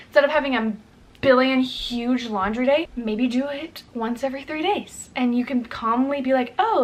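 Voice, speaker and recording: Chatty young woman vlogger, higher voice. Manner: chatty, upbeat, lots of "like" and "you know". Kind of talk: casual advice vlog.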